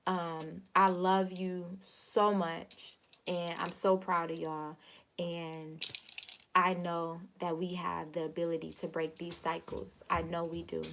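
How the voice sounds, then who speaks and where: A woman with a low, gravelly voice talks straight to her viewers on a live stream, earnest and repeating herself as she goes. She is in her thirties and keeps calling them y'all. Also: little pitch movement, slow pace, background noise. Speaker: host of a live video. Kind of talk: casual live-stream talk.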